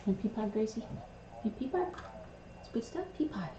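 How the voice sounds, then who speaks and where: A woman chats to her pet bird in sing-song baby talk, her voice rising and falling a great deal. The sound is muffled and lo-fi, with steady noise in the background. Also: on the high side, normal speed, echoey room. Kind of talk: live stream talking to a pet bird.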